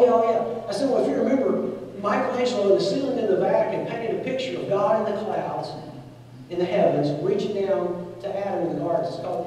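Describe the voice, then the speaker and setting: A man in his forties preaching a sermon and telling a story, acting out the voices of the people in it. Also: fairly high pitch. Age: 40s. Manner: animated, acts out voices in his stories. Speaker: pastor. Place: church sanctuary. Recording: echoey church hall, mic at a distance.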